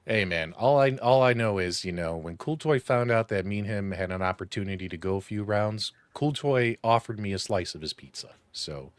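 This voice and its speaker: A man's voice: on the low side, moderate pace, hardly any pauses, smooth, dry recording. A man co-hosting a casual chat, ranting bluntly and crudely. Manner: acts out roars loudly. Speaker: co-host.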